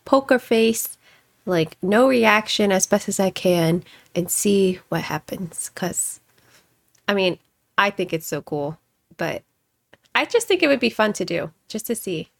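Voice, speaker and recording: A woman's voice: medium pitch, expressive, measured pace, gravelly, no room sound, clean studio sound. A woman telling funny family stories in casual chat, laughing often, swearing freely and acting out the voices she quotes.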